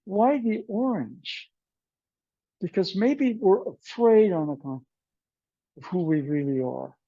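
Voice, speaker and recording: A man teaching an aikido class in a relaxed, meandering way, telling stories and acting out the dialogue. The recording sounds dull and muffled. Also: high-pitched, slow, no room sound. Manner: meandering storyteller who acts out dialogue. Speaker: aikido instructor. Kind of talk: informal class talk with anecdotes. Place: martial arts class.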